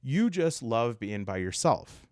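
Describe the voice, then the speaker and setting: A man's voice: sing-song, slow pace, no room sound, studio quality. A man voicing a sassy, blunt friend who teases in a breezy, brassy way. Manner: sassy and breezy, higher and louder. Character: sassy, teasing gal-pal type, brassy and blunt.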